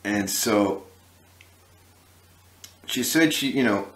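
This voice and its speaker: A man's voice: on the low side, lively intonation, extremely slow, a bit bright, roomy sound. A man hosting a history channel, telling a story casually to the camera with many fillers and restarts.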